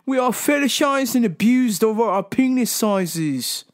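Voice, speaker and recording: A woman's voice: on the high side, animated, a little slow. A mopey, whining British man, as a woman puts him on. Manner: mock-mournful whining. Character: whiny British man, self-pitying and mopey.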